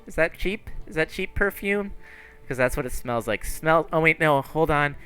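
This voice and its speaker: A man voicing a smart-mouthed little boy with pointed ears, high-pitched and fast, in a tabletop game. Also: animated, bright, forceful tone, smooth, faint music behind. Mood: mocking. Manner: rude, rapid-fire taunting.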